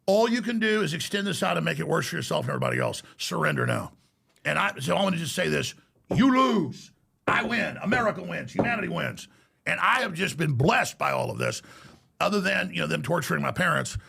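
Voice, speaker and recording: Gravelly, ranting combative man. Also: on the high side, big pitch swings, fairly quick, bright, forceful tone. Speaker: podcast guest. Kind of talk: heated interview talk.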